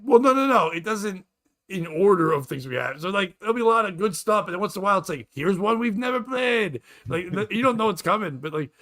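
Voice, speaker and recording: A man's voice: sits high, animated, fast talker, fairly bright tone. A man hosting a podcast, chatting casually in a rambling, profane, jokey way. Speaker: podcast host and radio DJ. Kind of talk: casual comedic chat.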